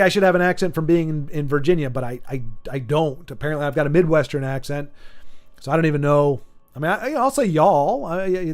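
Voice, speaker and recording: A man in his forties rambling in casual livestream chat, animated and jokey, often restarting sentences. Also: fairly high pitch. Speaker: streamer.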